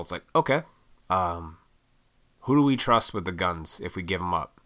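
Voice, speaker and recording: A man's voice: lowish voice, animated, moderate pace, bright, forceful tone. A man in his thirties ranting casually, rambling and swearing a lot as he gives his opinions. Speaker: vlogger. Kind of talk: casual rant.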